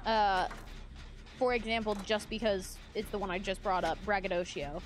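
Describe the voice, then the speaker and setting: A woman's voice: mid-range voice, moderate pace, faint music behind. A young woman livestreaming, chatting casually with her viewers, giggling often and swearing lightly.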